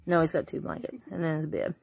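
A woman in her forties with a Southern US accent, filming at home on a phone and talking to her pet in high, playful baby talk. She laughs often. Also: little pitch movement, fast, gravelly, a little mellow, breathy edge. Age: 40s. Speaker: crafting vlogger. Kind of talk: casual home video chat. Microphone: phone held in hand.

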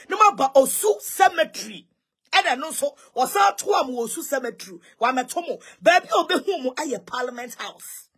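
This online commentator, a Ghanaian woman, goes on a heated rant on social media, taunting with mocking questions she keeps repeating and mixing English with Twi. Her voice is high-pitched with a fairly bright tone.

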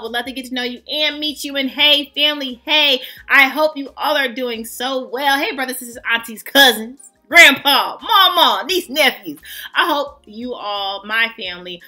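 Woman, vlog host, high voice, very bright tone, chatty, playful, excitable. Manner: chatty, playful and excitable, addresses viewers as family. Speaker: fragrance vlogger host. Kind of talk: casual first-impression review vlog.

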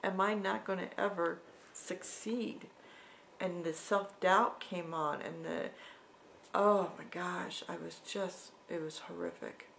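A middle-aged woman telling an emotional personal story in a vlog, halting and sometimes dropping to a soft whisper. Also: fairly low pitch, fairly even intonation, creaky, slight background noise. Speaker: vlogger.

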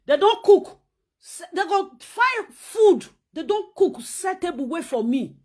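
Nigerian pidgin lady ranting on her vlog, high voice, scolding and mocking, sewing while she talks. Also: big pitch swings, a little slow, darkish tone. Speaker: vlogger.

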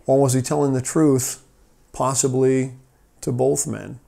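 A man's voice: medium pitch, fairly even intonation, measured pace, creaky, warm tone. A man hosting a rescue mission podcast from his office, telling a parable in a friendly, hesitant way with many fillers. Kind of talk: storytelling devotional talk.

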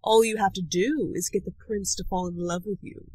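A woman's voice: medium pitch, fairly even intonation, mellow, slightly rough, dry recording, lightly acted, low-quality recording. A woman playing a purring, scheming sorceress. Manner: slow, purring, coaxing. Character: scheming sly sorceress woman striking deals.

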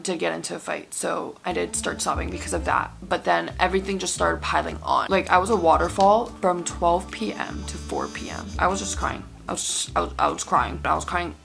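A woman's voice: lowish voice, brisk, creaky, hardly any pauses, fairly bright tone, soft background music. A young woman vlogging in a casual, candid way, sleep deprived and swearing freely as she chats. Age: young adult. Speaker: college student vlogger. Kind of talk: casual vlog chat.

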